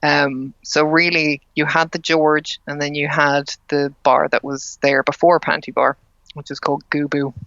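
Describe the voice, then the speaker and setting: A woman's voice: sits low, flat delivery, moderate pace, fairly bright tone, no room sound, highs cut off. A woman in her late thirties with an Irish accent, chatting casually as an interview guest, self-deprecating and full of ums. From Ireland. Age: late 30s. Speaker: guest, drag king performer.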